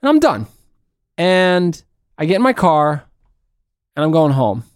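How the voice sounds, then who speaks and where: A middle-aged man with a somewhat high voice and lively pitch swings, telling playful stories on a podcast. The sound is dry and close to the mic. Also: a little slow, no echo. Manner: animated storyteller, playful. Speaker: podcast co-host. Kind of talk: casual chat.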